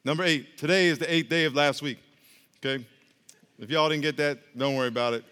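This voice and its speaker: A man's voice: a little high, a little fast, bright, forceful tone, clean tone, in a large hall. A male pastor giving a casual, joking sermon, drawing the congregation into call-and-response.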